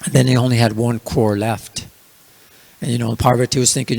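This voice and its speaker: A man's voice: mid-range voice, level tone, fairly quick, vocal fry, darkish tone. A man teaching a scripture class in a casual storytelling manner, with many fillers. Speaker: religious class speaker.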